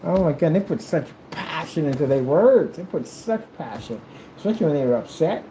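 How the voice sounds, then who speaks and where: A man from the United States ranting to camera in a casual monologue, theatrical and animated, slipping into mock old-fashioned formal speech. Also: medium pitch, fairly quick, a little hiss or hum, rough recording. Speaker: video creator.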